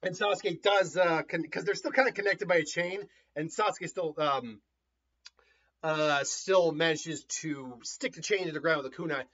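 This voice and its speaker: A man casually retelling a story in an animated way, often laughing and acting out voices, on a dull lo-fi recording. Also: on the high side, normal speed.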